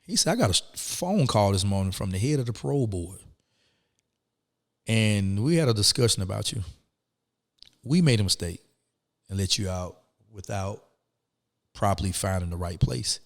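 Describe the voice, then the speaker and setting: A man's voice: lowish voice, moderate pace, gravelly, long pauses, in a large hall. A man, telling his story as a guest in a casual interview and acting out the people in it. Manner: animated, acts out quoted people.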